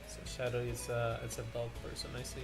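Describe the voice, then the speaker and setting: A man's voice: medium pitch, flat delivery, a little fast, vocal fry, over loud music. A man hosting a casual art stream, chatting with friends, laughing often and rambling with restarts. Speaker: streamer host.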